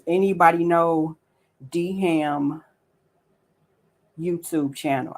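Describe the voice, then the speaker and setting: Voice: mid-range voice, darkish tone, poor audio. A livestream host giving casual commentary, ranting with profanity and repeated rhetorical questions, and greeting viewers by name between points.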